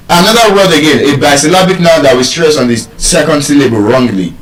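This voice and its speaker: A man with a Nigerian accent runs a live English pronunciation class, animatedly quizzing his listeners and calling for their answers. His fairly high voice moves fairly quickly with hardly any pauses. The mic is at a distance in an echoey room.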